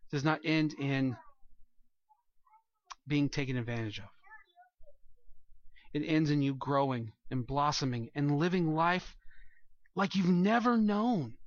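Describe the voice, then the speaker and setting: A man's voice: on the high side, dry recording, highs cut off. A man preaching a sermon as pastor, earnest and rising to emphatic peaks, speaking to a congregation in a church room.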